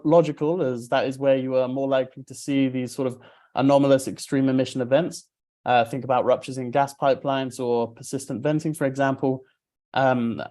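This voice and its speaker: A man moderating a formal webinar, speaking politely and in a measured way, his voice slightly muffled by tonsillitis. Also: medium pitch, mellow. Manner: measured and polite, with occasional filler hesitations. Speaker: event moderator.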